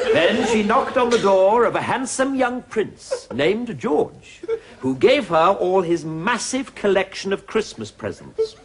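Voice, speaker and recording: A man's voice: high voice, very animated, a little slow. An actor playing a sardonic, scheming male butler with a dry, sneering delivery, in 1980s sitcom style.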